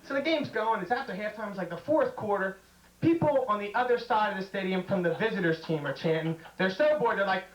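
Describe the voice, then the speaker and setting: Man, stand-up comic, high voice, jokey storytelling, echoey room. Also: lively intonation, a little fast, lo-fi sound. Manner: jokey storytelling, acting out bits in raised voices. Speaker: stand-up comedian. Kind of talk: stand-up comedy routine. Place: comedy stage.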